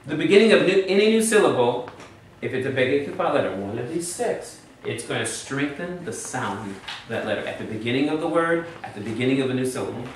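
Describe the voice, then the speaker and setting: Speaking fast with lively intonation and a mid-range voice, this teacher explains Hebrew grammar rules step by step and quizzes his class. The classroom audio is very echoey and distant from the mic, with slight hiss or hum.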